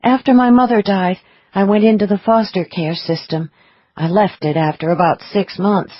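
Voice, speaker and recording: A woman voicing a guarded young woman psychic who speaks quietly and earnestly. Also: mid-range voice, steady tone, moderate pace, dry recording, lo-fi sound, natural voice.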